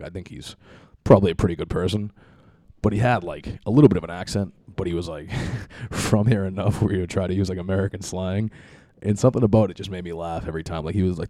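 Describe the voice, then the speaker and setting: A man's voice: low-pitched, mellow, no room sound, clean studio sound. A man in his thirties hosting a casual podcast, rambling loosely with lots of profanity and laughter. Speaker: podcast host.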